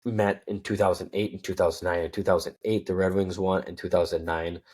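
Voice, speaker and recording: A man's voice: deep voice, level tone, brisk, a little mellow, husky. A man from Minnesota hosting a casual sports talk show, rambling and correcting himself with lots of fillers. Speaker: sports podcast host.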